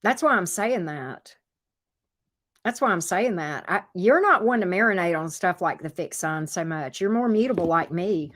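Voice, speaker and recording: Animated woman giving a chatty tarot reading. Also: lowish voice, normal speed. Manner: chatty, talks straight to the viewer, repeats phrases; playful teasing with exclamations. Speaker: tarot reader. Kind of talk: casual tarot reading addressed to viewers.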